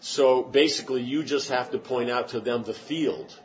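A man's voice: mid-range voice, fairly even intonation, normal speed, muffled recording, slight background noise. A man teaching a class and answering questions, talking in an emphatic, rambling way with many restarts. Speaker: spiritual teacher.

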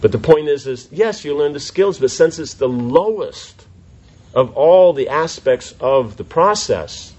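A man teaching a class in an informal question-and-answer session, animated and full of rhetorical questions. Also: a little high, measured pace, dull audio.

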